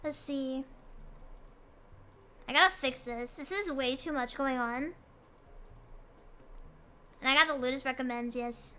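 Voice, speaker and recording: Bright, high-voiced woman streamer chatting. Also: unhurried, long pauses. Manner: playful, mock-dramatic complaining. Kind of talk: casual chat with stream chat.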